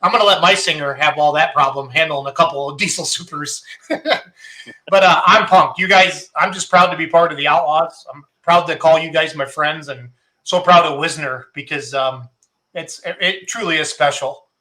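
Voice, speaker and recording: A man's voice: on the high side, moderate pace, sharp tone. A man from Iowa with a Wisconsin accent, hosting a casual chat in a jokey, upbeat way. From Iowa, raised in Wisconsin. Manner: jokey, upbeat, laughs often. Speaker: podcast host.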